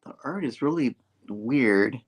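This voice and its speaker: A man chatting through a comic book review at an ordinary mid pitch. He walks through the story scene by scene, slipping into little character voices along the way. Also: lively intonation, measured pace, slightly rough. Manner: retells scenes, voicing characters in bursts. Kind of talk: casual comic review chat.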